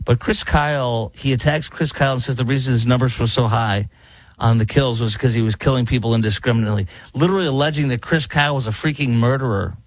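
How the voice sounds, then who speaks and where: A man's voice: mid-range voice, brisk, no echo. Indignant male radio host. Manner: indignant, emphatic, rambling with fillers. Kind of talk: opinionated commentary.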